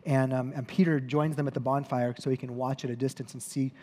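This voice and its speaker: In a church hall, a pastor tells a story during his sermon in a conversational way, correcting himself and adding wry humor. His voice is medium in pitch, dark, and flat, a little fast, with long hall reverb on the recording.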